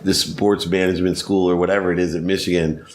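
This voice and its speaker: A man being interviewed on a podcast, telling energetic stories and laughing often. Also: deep voice, fast talker. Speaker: podcast guest, sports marketing CEO. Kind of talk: animated storytelling.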